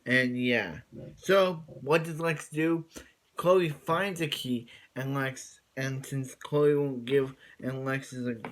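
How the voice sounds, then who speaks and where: A man's voice: medium pitch, slow pace. Rambling young man recapping an episode. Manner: rambling, repeats and restarts while recapping. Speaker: show reviewer.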